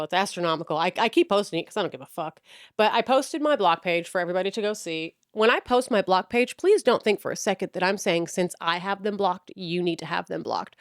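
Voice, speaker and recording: A woman's voice: medium pitch, no echo, studio quality. A woman in her thirties hosting her own show, ranting bluntly and profanely with a mocking edge. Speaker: podcast host. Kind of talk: ranting monologue.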